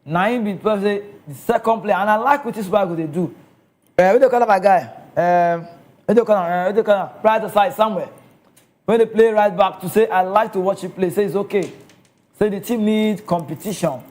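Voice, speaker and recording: High-voiced Nigerian man talking football. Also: fairly quick, a little mellow. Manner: chatty, checks in with listeners often. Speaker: football commentator. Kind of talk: casual football commentary.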